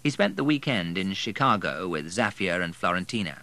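A man reading a novel aloud in a measured, scripted narration style, recorded close to the mic. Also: low-pitched, very animated, bright, forceful tone. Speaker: audiobook narrator.

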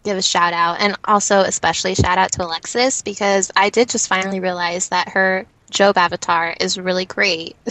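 A woman's voice: medium pitch, steady tone, normal speed, hardly any pauses, pushed and bright, poor audio. A woman co-hosting a podcast in casual chat, rambling with many fillers and frequent giggles. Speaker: podcast co-host.

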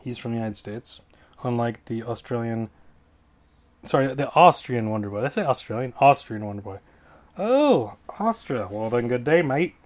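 A man's voice: medium pitch, animated, normal speed. A man hosting a casual solo podcast, rambling through fight predictions in a jokey way and often correcting himself mid-sentence. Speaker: podcast host.

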